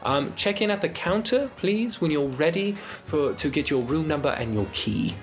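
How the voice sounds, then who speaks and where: A man's voice: fairly high pitch, expressive, moderate pace, soft background music, pitched above the performer's own voice, natural voice. A man voicing a flustered little gnome girl innkeeper who stammers as she takes orders in a tabletop game. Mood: flustered eager. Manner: stammering, fussing over orders.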